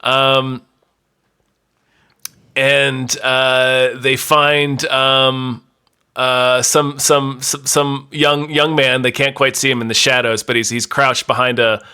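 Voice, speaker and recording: A young man narrating an improvised comedy story as game master, halting and rambling with many fillers. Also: medium pitch, little pitch movement, sharp tone, clean tone.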